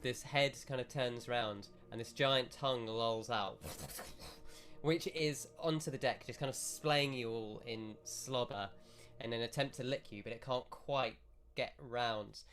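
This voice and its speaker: A man's voice: mid-range voice, measured pace, fairly bright tone, faint music behind. A man narrating a tabletop role-playing game as game master, with rambling, self-correcting descriptions.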